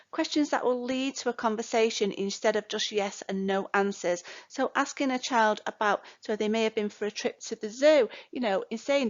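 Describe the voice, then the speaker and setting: An older woman delivers a recorded lesson for care workers, speaking in a chatty way and dotting her sentences with fillers and "you know" asides. Her voice sits a little high. The recording sounds dull and lo-fi. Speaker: care course tutor. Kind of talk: recorded lecture.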